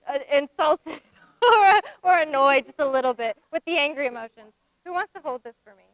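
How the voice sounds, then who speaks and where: High bright-voiced woman leading a group game. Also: dry recording. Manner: brisk, directive, quick to give instructions. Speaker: workshop facilitator.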